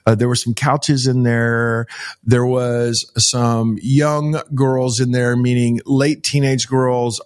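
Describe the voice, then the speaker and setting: A middle-aged man from Texas, telling stories in an interview and acting out the dialogue. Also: mid-range voice. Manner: animated storyteller, acts out quoted dialogue. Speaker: child rescue organization founder. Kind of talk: storytelling in an interview.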